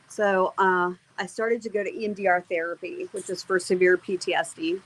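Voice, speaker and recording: A woman's voice: fairly low pitch, little pitch movement, brisk, few pauses, slightly rough, poor audio. A middle-aged woman, an interview guest, telling a personal faith testimony in an earnest, emotional way, with many fillers and restarts.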